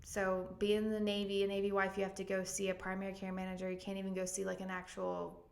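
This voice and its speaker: A woman with a gravelly, creaky voice tells her story in an earnest, emotional way, her pitch staying fairly flat. She speaks as a pastor who is a guest on a podcast, with frequent ums and likes. The recording sits in an echoey room. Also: fast talker. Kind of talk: candid personal testimony in a podcast interview.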